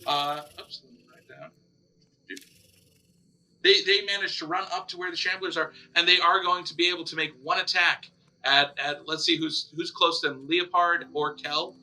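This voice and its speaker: A man running a tabletop game as dungeon master, narrating lively and acting out monster screams. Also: fairly high pitch, normal speed.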